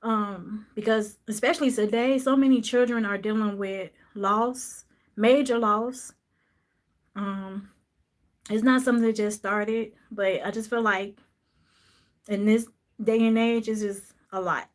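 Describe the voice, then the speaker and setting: A woman telling a personal story in a soft, reflective voice, pausing often with fillers. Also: mid-range voice, fairly even intonation. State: emotional, voice dropping low at times. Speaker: podcast host sharing a personal story.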